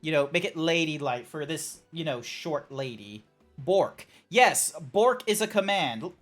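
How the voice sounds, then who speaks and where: A fairly high-pitched man talks over a faint bed of chill background music. He is a game streamer in loose, casual chat, riffing through silly tangents. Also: lively intonation, fairly bright tone. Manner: rambling, joking, quick tangents.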